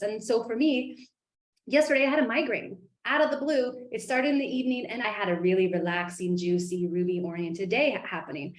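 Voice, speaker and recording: Woman life coach, earnest and animated on a group call, mid pitch, echoey room sound. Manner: earnest, animated, acts out inner voices.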